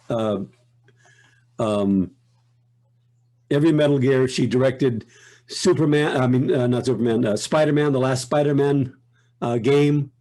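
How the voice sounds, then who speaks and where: An older man, a voice actor, chatting as an interview guest in a reflective, unhurried way that often breaks off and restarts. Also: medium pitch, mellow. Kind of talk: casual interview chat.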